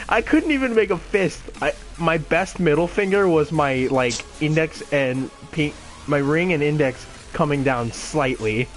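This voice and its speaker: A man in his twenties telling a casual, rambling story full of swearing and self-mocking laughs. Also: on the high side. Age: 20s. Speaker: gaming channel host.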